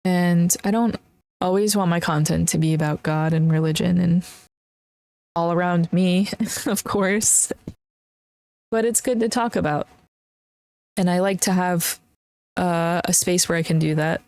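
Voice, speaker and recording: A young woman hosting her own podcast, talking in an earnest, emotional and encouraging way, with many pauses and fillers. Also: fairly low pitch, darkish tone. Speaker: podcast host. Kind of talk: casual solo podcast talk.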